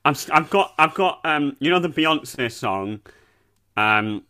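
A man's voice: a little high, lively intonation, slow pace, bright, forceful tone. A man co-hosting a comedy podcast, rambling and self-mocking with frequent laughter. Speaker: podcast co-host. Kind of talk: comedic banter.

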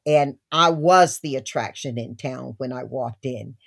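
An older woman from the American South, a guest telling family stories in an expressive, laughing way. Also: rumbling low, unhurried, creaky. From Southern United States. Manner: expressive, laughing storyteller, warm asides. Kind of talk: storytelling interview talk.

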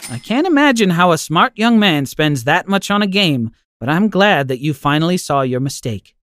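A man voicing an elderly grandmother who speaks softly and reassuringly. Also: fairly high pitch, very animated, moderate pace. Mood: kindly. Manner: soft, kindly, reassuring. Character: elderly grandmother, gentle and forgiving.

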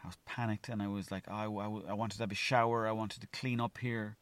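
A man's voice: lowish voice, flat delivery, brisk, fairly bright tone, smooth, no room sound. A young Irish man from Mayo rambling through a solo podcast story, swearing freely and acting out his own thoughts. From Ireland. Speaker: podcast host.

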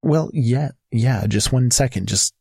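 A woman's voice: rumbling low, measured pace, creaky, dark tone, slightly rough, dry recording. A woman hosting a comedy podcast, with a dry, exasperated and reluctant way of talking. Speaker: podcast host.

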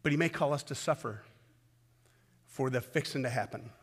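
A man preaching a sermon as pastor, swinging from loud emphatic peaks down to low, intimate pleading. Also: moderate pace, slightly rough, big-room sound. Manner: impassioned, rising to loud peaks then dropping low and intimate.

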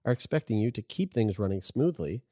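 A podcast co-host with a fairly low voice reads items aloud at a fairly quick clip, animated and crude, joking and laughing as he goes. The sound is clean studio quality with no echo.

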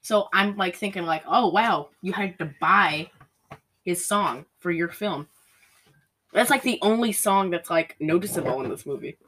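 A woman's voice: on the low side, measured pace, fairly bright tone, slightly rough. Chatty young woman recapping a movie. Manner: chatty, heavy use of "like", mimics characters while retelling. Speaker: podcast co-host recapping a film. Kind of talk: casual chat.

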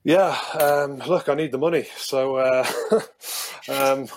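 A man's voice: medium pitch, steady tone, slow. A man in his thirties, a guest telling a rambling story, repeating himself and laughing at his own anecdotes. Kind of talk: casual storytelling.

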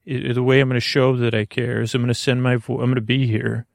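Guy rambling thru a bedtime podcast intro, kinda gravelly voice, dry close sound, keeps cutting himself off and wandering off on silly tangents. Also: medium pitch, level tone, fast, no room sound. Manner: meandering, self-interrupting, goofy digressions. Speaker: podcast host.

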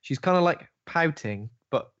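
A man in a casual film commentary chat, joking with quick asides. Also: a little high, animated, fairly bright tone. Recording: dull lo-fi sound.

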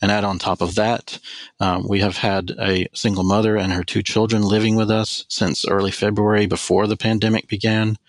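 A man in his forties, a spiritual director, telling a personal story as a podcast guest in an earnest, measured way. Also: fairly low pitch, flat delivery, no echo. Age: 40s.

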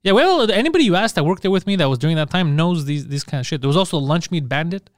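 Fast-talking profane male storyteller. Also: fairly high pitch, no room sound, studio quality. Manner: animated, profane, laughing storyteller. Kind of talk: casual storytelling chat.

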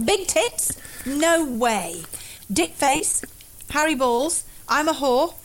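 A woman's voice: sits high, animated, takes it slowly, background noise. A woman co-hosting a casual chat show, reading listener emails and lists with playful laughter. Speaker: podcast co-host.

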